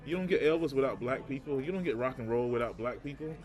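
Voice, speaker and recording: A man co-hosting a casual chat show, telling stories in a rambling, animated way and repeating words as he goes. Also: medium pitch, fast talker, lo-fi sound, music in the background. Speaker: podcast co-host.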